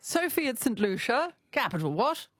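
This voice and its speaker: A woman's voice: on the high side, very animated, moderate pace, no room sound. A woman with an Australian accent hosting a live radio trivia segment, chatty and playful. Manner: chatty, playful, laughs often. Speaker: radio host. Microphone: studio microphone.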